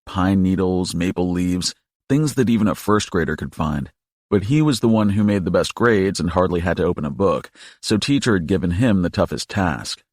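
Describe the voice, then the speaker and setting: A male audiobook narrator reads in a steady, measured way. His voice is low and husky. The recording is close and dry, with faint music behind. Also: no room sound. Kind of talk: scripted narration.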